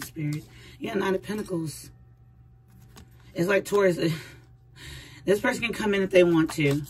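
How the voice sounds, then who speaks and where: A woman's voice: sits low, darkish tone, a little hiss or hum, low-quality recording. Chatty woman giving a tarot reading. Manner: chatty, speaks straight to the viewer, often laughs. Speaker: tarot reader. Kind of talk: casual tarot reading to camera.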